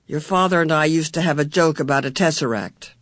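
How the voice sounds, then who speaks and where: A patient mother of four from a storybook, voiced by a reader. She speaks in a calm, steady voice. The sound is dry and close. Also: mid-range voice, moderate pace, no echo, lightly acted.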